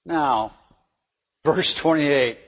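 A man with a high, husky voice teaches from scripture in sermon style. He surges into loud, emphatic declarations and then sinks back to a quiet, reflective tone, tripping over words as he goes. The recording is muffled and lo-fi, with a long hall reverb. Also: extremely slow. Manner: stumbles over words and laughs at himself. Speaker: preacher.

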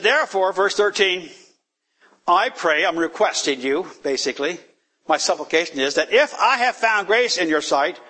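A man teaching a sermon on scripture, with an emphatic, drawn-out delivery that rises to sudden loud peaks. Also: a little high. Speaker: Bible teacher.

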